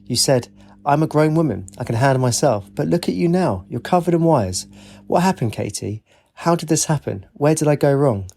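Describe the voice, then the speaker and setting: A man's voice: on the high side, animated, moderate pace, creaky, a little mellow, a little hiss or hum, pitched above the performer's own voice. A man playing a stern, worried father. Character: worried, protective middle-aged father.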